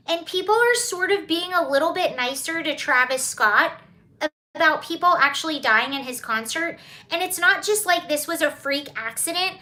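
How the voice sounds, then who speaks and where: Her voice is very high, bright and forceful, with a Southern accent from Georgia. This young woman runs a laid-back livestream, reading out viewer comments and laughing through her digressions.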